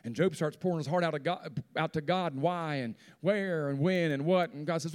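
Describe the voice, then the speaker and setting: A man preaching a sermon in church, swinging from hushed, quiet lines to loud, soaring rises. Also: a little high, lively intonation, normal speed, few pauses. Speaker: pastor. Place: church sanctuary.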